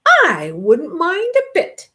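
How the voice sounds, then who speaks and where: A woman's voice: very high voice, wildly swooping pitch, slow pace, sharp tone, voice pushed up, heavily acted. A woman voicing a friendly, generous male groundhog in a storybook reading, speaking in a hearty, welcoming way.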